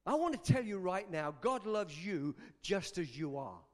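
High, lively-voiced male preacher. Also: measured pace. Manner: emphatic, repeats lines for stress. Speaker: pastor. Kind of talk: sermon.

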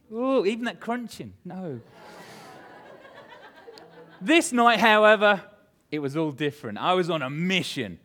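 A man preaching a sermon, reading scripture and telling a self-mocking story with animated humor. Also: fairly high pitch. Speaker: pastor.

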